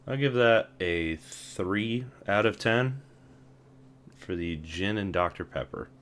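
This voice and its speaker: A man's voice: lowish voice, expressive, takes it slowly, fairly bright tone, slight background noise. A young man hosting a casual vlog, wry and self-deprecating, often laughing at himself. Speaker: vlogger.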